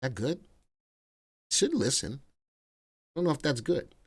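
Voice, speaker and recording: A middle-aged man hosting a live stock market stream, chatting energetically and playfully with viewers, even breaking into song. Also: medium pitch, a little slow, husky. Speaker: stock market analyst host.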